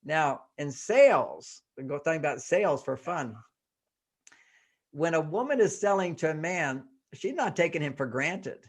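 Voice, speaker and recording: A man talking as a guest relationship author in a casual interview, animated and laughing, acting out little quotes as he explains. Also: on the high side, normal speed.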